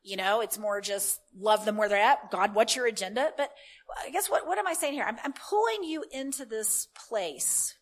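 A woman delivering a sermon with a fairly high voice. She tells stories casually, full of restarts and asides, then prays in fervent, declarative bursts. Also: moderate pace. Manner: animated, conversational, breaks into fervent declarative prayer. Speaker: preacher. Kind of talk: sermon with storytelling and prayer.

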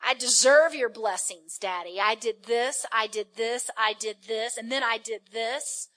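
A woman's voice: fairly high pitch, unhurried, sharp tone. A woman acting as an indignant elder brother. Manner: indignant, complaining, listing his deeds. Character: resentful, self-righteous elder brother, adult man.

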